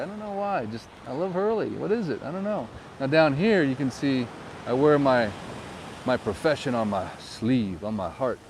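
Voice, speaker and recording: A man in his forties, a real estate agent, chatting casually with live viewers outdoors and jumping into high squeals of excitement now and then. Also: slight background noise. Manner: laid-back and playful, bursting into high squeals of excitement. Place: outdoors on the island, riding a golf cart near the surf.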